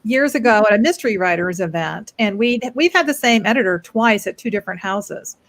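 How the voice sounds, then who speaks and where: A woman co-hosting a casual video chat, telling a dry anecdote with many pauses. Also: mid-range voice, expressive, dry recording. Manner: dry, anecdotal, hesitant fillers. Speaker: co-host.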